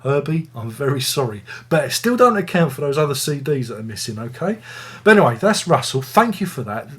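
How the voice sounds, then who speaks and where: Guy doing a chatty review vid, kinda husky, goes off on tangents and cracks jokes about himself. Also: on the high side, very animated, a little fast, fairly bright tone. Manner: rambling, jokey, self-mocking. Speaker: music reviewer, video host. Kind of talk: casual video review.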